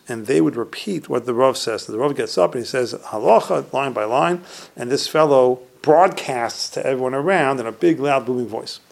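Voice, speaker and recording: A male Torah teacher retelling Talmud stories. He recites Hebrew and Aramaic phrases, translates them, and often drops his voice low at the end of a phrase. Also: vocal fry. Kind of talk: recorded Torah class on humility.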